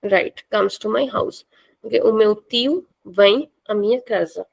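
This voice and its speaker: Slow, patient woman language teacher. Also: medium pitch, creaky, rough recording. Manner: slow, patient, repeats words for students. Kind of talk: online class teaching.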